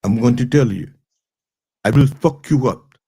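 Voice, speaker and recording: A man's voice: mid-range voice, measured pace, warm tone, breathy edge. A man voicing a blustering foreign strongman in a mock Russian accent, making comic threats in broken English during an impression skit. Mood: menacing.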